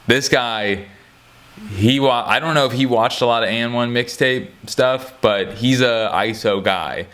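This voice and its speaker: A man's voice: mid-range voice, a little slow, a bit bright. A man giving casual, rambling basketball commentary, joking and restarting often, with many fillers. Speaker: sports commentator. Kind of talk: casual chat.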